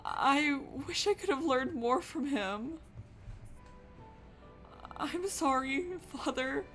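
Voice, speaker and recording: A woman's voice: high voice, expressive, slow, fairly bright tone, faint music behind, pitched above the performer's own voice, exaggerated voice. A woman voicing a grieving young woman who tearfully apologizes to her late father, read aloud from a game. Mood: tearful remorse. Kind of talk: reading game dialogue aloud.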